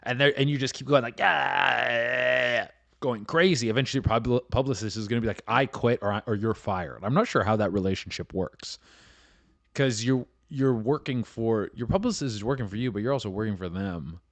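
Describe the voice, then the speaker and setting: A man's voice: medium pitch, a little fast, dry recording. A man hosting a comedy podcast, rambling through a profane, casual monologue full of restarts and fillers.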